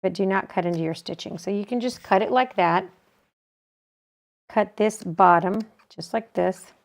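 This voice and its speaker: A woman at a middle pitch, teaching a quilting technique. She talks in a calm, practical way, describing each step as she works with her hands. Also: normal speed. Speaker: quilting instructor. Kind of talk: step-by-step sewing tutorial.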